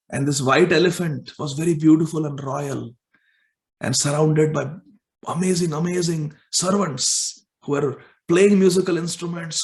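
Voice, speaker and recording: Male storyteller, devotional sermon, vivid and emotional, high gravelly voice, echoey room. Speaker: storyteller and preacher.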